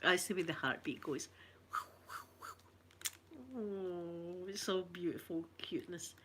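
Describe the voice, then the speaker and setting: A woman's voice: lowish voice, slow pace, fairly bright tone, a little hiss or hum. A middle-aged Scottish woman, an ASMR streamer chatting casually, telling rambling stories and reading out viewer comments. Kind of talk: casual live chat.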